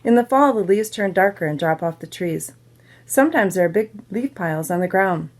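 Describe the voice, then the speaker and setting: A woman teacher reading a children's novel aloud to her students, pausing to explain words and ask questions. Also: on the low side, lively intonation, a little mellow. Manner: pauses to explain to listeners.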